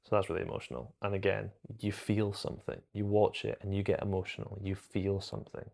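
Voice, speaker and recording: A man's voice: lowish voice, little pitch movement, brisk, gravelly, darkish tone. A man chatting casually and enthusiastically to camera about films, rambling and correcting himself as he goes. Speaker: film reviewer.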